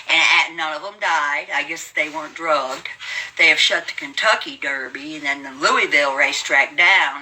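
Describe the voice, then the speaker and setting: A woman's voice: sits low, pushed and bright, slight background noise, low-quality recording. A woman in her seventies, hosting a livestream and ranting at her viewers in a brash, taunting, profane way. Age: 70s. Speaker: livestream host. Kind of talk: casual livestream rant.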